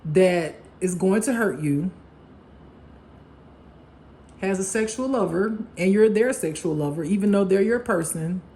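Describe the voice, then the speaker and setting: Mellow, blunt, laughing tarot reader. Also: mid-range voice, lively intonation, normal speed, slight background noise. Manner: blunt, profane and laughing, acting out gossip. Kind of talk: casual spiritual reading monologue.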